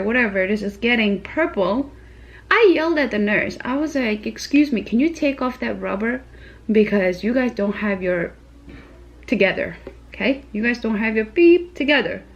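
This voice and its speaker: Animated young woman, muffled recording. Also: a little high. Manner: animated, emphatic retelling with many fillers. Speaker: vlogger, new mother. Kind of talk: casual storytelling to camera.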